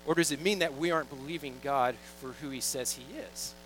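A man's voice: mid-range voice, brisk, fairly bright tone, slight background noise, poor audio. A young man preaching a sermon in a casual, joking, storytelling way, reading scripture and acting out little quoted asides. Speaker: pastor.

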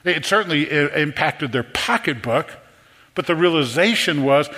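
A man preaching a sermon, animated and full of rhetorical questions to his congregation. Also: on the high side, normal speed. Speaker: pastor. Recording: long hall reverb.

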